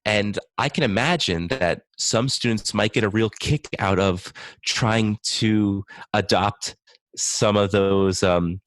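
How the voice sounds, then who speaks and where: A man's voice: on the low side, takes it slowly, fairly bright tone, no echo. A man speaking as a guest on a podcast interview, an enthusiastic speech-language pathologist thinking aloud.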